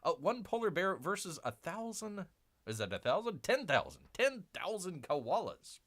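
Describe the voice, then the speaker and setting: A man hosts a casual comic book livestream, rambling with fillers and restarts, referring to himself in the third person as Bear and repeatedly addressing viewers as "people." His voice is high-pitched with wildly swooping pitch, a moderate pace and a fairly bright tone.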